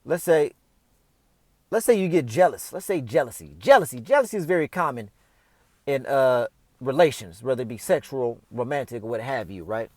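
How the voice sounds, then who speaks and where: A man's voice: medium pitch, animated, normal speed, no room sound. A man giving casual, off-the-cuff spiritual advice, talking straight to the listener in loose slang. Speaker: host.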